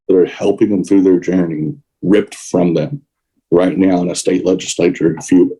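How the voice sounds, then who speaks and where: A man's voice: sits low, mellow, poor audio. A man co-hosting a podcast, giving emotional, indignant political commentary. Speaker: podcast co-host.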